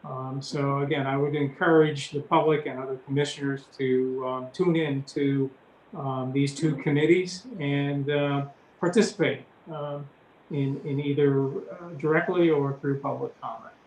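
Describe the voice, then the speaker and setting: A man chairing a public meeting, speaking haltingly with many fillers. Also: medium pitch, fairly even intonation, echoey room, slight background noise, rough recording. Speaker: commission chairman.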